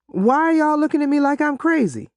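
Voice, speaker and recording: A man's voice: very high voice, expressive, brisk, no room sound, clean studio sound, voice pushed up. A man voicing a headstrong, defiant teenage girl with a southern drawl. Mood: baffled.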